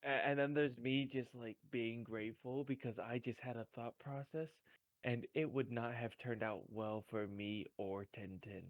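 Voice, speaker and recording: Man, tabletop player, halting, dry close sound. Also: medium pitch, steady tone, no echo, narrow, tinny audio. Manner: halting, full of restarts and fillers. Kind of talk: tabletop role-play banter.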